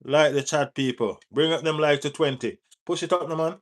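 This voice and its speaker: A man with a Jamaican accent hosting a live football stream, answering viewer chat in relaxed patois-tinged talk and urging viewers to like the page. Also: on the high side, brisk. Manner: reads out and answers viewer chat, teases, urges likes. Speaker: football livestream host.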